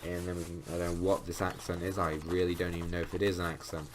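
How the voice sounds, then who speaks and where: A young man with a low, deep voice talks through a game in a relaxed, rambling way, filling pauses with ums. His home mic picks up a steady hiss of noise behind him. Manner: rambling, thinking aloud, frequent ums. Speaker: gameplay commentator. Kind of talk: casual let's-play commentary.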